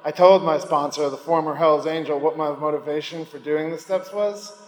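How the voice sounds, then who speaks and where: A man's voice: fairly high pitch, fairly even intonation, normal speed, roomy sound, in a large hall, a little hiss or hum, poor audio. A man speaking at a recovery meeting, giving a candid personal testimony and rambling between thoughts. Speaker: recovering alcoholic sharing at a meeting.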